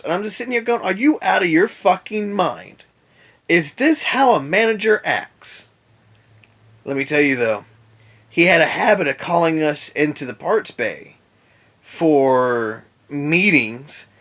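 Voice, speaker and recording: A man's voice: fairly high pitch, fairly bright tone. A tired young man in bed, venting about an old boss in a casual vlog rant with sarcastic asides. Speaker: vlogger. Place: in bed at home.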